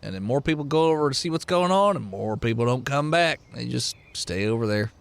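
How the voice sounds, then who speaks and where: A man's voice: mid-range voice, lively intonation, a little fast, gravelly. A man playing a blunt, suspicious rural Texan man with a folksy drawl in a tabletop game. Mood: gossipy.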